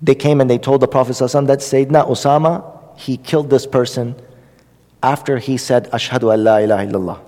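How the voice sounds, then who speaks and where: A man's voice: medium pitch, steady tone, fast talker, dark tone, big-room sound. A man giving an Islamic religious lesson in a conversational way, with many fillers and repetition for emphasis. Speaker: religious lecturer.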